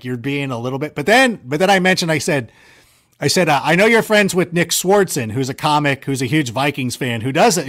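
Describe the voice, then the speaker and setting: Animated rambling man telling stories. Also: on the high side. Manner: animated, rambling, self-mocking. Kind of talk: casual storytelling chat.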